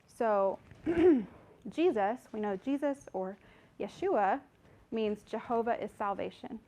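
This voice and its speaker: A woman's voice: on the high side, expressive, slow pace, dark tone. A woman teaching a Bible study and reading scripture aloud, earnest and conversational, a little out of breath at the mic. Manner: earnest, conversational, apologetic asides. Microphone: microphone.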